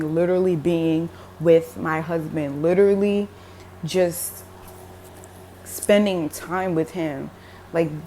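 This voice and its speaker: A woman's voice: lowish voice, warm tone, slight background noise. A young woman telling a religious dream in a casual, emotional way, with many fillers like "like" and "um". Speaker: religious vlogger. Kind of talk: casual spoken dream testimony.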